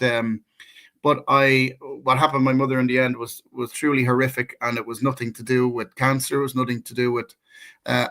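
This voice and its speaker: A man's voice: medium pitch, a bit bright. A middle-aged man with an Irish accent, co-hosting a casual talk show and telling a personal story with many restarts and fillers. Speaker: co-host.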